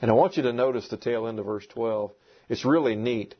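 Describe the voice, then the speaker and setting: A man's voice: medium pitch, brisk, breathy edge. A man preaching a sermon to a congregation, emphatic and repeating key words. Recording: dull lo-fi recording.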